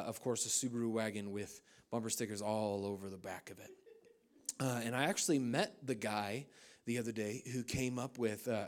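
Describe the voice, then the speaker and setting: Animated male pastor preaching at a service. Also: medium pitch. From United States. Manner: lively humorous storytelling with loose fillers. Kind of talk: sermon. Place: church service.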